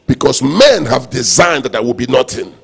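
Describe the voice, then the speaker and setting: A man preaching a sermon, his voice sitting at an ordinary middle pitch. He repeats his refrains and leans on call-and-response. Quiet, low asides give way to sudden loud, emphatic bursts. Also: very animated, normal speed, creaky, slightly rough. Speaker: pastor.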